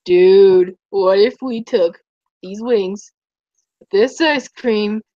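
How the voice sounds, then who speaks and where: A spaced-out young guy drawls his idea in a slow, low voice, put on by a woman. The sound is dull and muffled. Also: no echo. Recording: dull, muffled stream audio.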